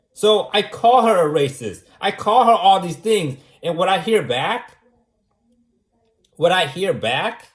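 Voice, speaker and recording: A man in a casual monologue who argues his point over and over and keeps asking "right?". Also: high-pitched. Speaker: vlogger. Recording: echoey room.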